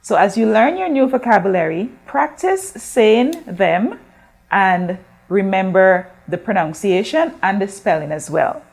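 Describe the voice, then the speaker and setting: A woman teacher from Guyana leads a recorded school lesson at an unhurried pace. She speaks patiently, drawing out words and pausing for her class to repeat, and asks questions as she goes. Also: mid-range voice, big pitch swings, darkish tone. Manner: slow, drawn-out modeling of words for repetition. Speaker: Spanish teacher.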